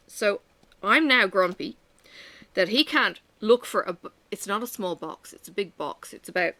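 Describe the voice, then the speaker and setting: Female vlogger, bright voice, unfiltered venting chat at home. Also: medium pitch, animated, moderate pace, no room sound. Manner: candid, venting, sighing. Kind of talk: casual chat while crafting.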